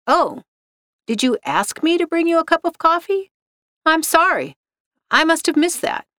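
A woman's voice: very high voice, lively intonation, normal speed, sharp tone, no room sound, clean studio sound, pitched above the performer's own voice, full character voice. A woman reading the part of a sarcastic, unhelpful female office assistant with a mock-innocent manner.

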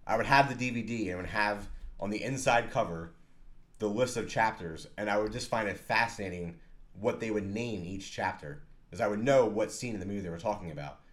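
A man co-hosting a podcast, talking in a relaxed, chatty and slightly sheepish way. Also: fairly low pitch, fairly quick. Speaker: podcast co-host. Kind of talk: casual chat.

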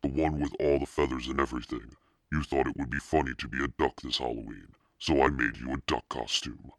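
A man reading a brisk, insistent mother. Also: a bass voice, fairly even intonation, no echo, studio quality. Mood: bright. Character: energetic, fast-talking artist mother.

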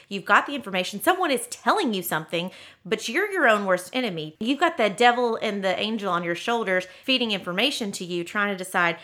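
Woman podcast co-host, bright tone, chatty and conversational. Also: medium pitch. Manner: chatty, acts out inner thoughts in quotes. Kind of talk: casual podcast chat.

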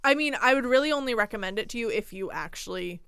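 A woman's voice: fairly high pitch, expressive, fast talker, fairly bright tone, clear, resonant tone, no room sound, studio quality. A young adult woman co-hosting a podcast, chatting casually about books, laughing often and reading quotes aloud. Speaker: podcast co-host. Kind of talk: casual book chat.

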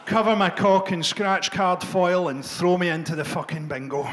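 Brief: profane Scottish stand-up comic with a high voice, deadpan delivery and quick jabs at the crowd. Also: male voice, a little hiss or hum. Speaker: stand-up comedian. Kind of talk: stand-up comedy set. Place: live comedy venue.

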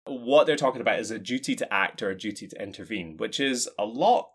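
A man's voice: fairly low pitch, animated, a little fast, husky. A man co-hosting a casual discussion, explaining points in a wry, joking way. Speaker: podcast co-host.

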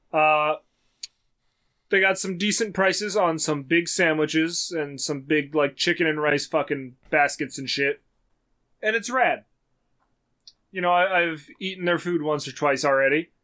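A young man with a high, bright voice tells a story in loose, casual chat. He is animated and swears freely as he goes. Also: slow, pauses often. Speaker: podcast co-host telling a story.

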